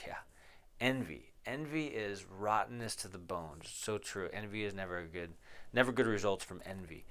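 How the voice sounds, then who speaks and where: A pastor works through a Bible passage verse by verse, reading each verse aloud, explaining it, and posing rhetorical questions to his listeners. His voice is lowish and a bit bright, with lively intonation and a moderate pace.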